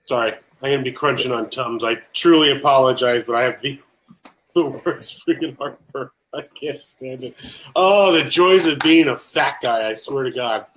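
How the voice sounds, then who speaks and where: A man's voice: mid-range voice, normal speed, fairly bright tone. A man hosting a casual podcast, rambling and apologizing as he loses track of his thoughts. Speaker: podcast host.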